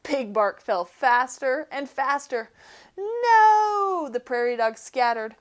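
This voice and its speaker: A woman, a teacher, reading a children's picture book aloud in an expressive storytelling manner. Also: on the high side, measured pace.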